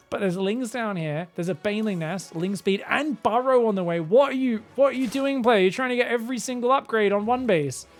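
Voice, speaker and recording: A man casting viewer-sent game replays in a casual, joking commentary style, often laughing and getting excited. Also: high voice. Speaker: game caster.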